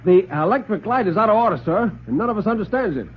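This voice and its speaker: A man's voice: high voice, expressive, quick pace, a little hiss or hum, voice pushed up. A man voicing a nervous, deferential male butler who hesitates as he reports to his master. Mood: anxious. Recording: tinny old radio broadcast.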